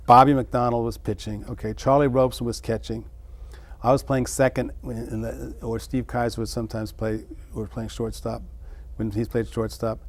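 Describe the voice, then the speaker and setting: Musing middle-aged man, halting. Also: mid-range voice, little pitch movement. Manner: musing, halting, with many restarts. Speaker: interview guest. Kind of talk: reflective personal storytelling.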